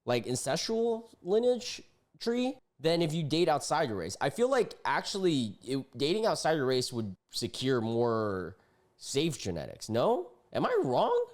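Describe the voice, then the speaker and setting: A man's voice: on the high side, wildly swooping pitch, a little slow, darkish tone. A young man streaming, reacting to online posts in casual, slangy commentary, often indignant.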